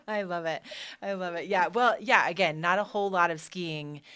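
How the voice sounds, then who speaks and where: A woman hosting a live show, upbeat and quick to laugh as she hands off to reporters. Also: lowish voice, bright, forceful tone, smooth. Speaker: show host.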